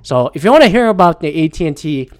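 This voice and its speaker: A man's voice: fairly high pitch, sing-song, fast, clean tone. A man hosting a solo podcast, ranting in an exasperated, profane way, a bit teary and gulping after a swab test. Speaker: podcast host.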